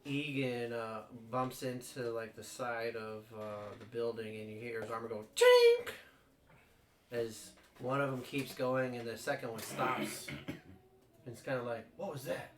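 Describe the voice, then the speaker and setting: A man running a tabletop game as dungeon master, narrating haltingly with many fillers. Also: medium pitch, very animated. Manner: halting, full of fillers, bursts into loud character voices. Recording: roomy live stream, distant mic, background noise.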